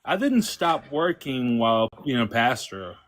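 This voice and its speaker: A man's voice: medium pitch, big pitch swings, unhurried, fairly bright tone. A man who used to be a pastor, a guest in a casual chat, speaking hesitantly with many fillers. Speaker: podcast guest, former pastor.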